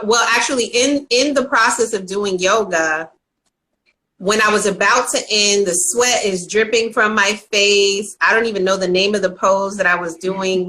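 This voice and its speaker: A woman's voice: mid-range voice, sharp tone, rough recording. A woman hosting a casual live video interview, telling stories earnestly and acting out the voices in them. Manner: earnest storytelling, acts out voices with animation. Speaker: host of a live interview show.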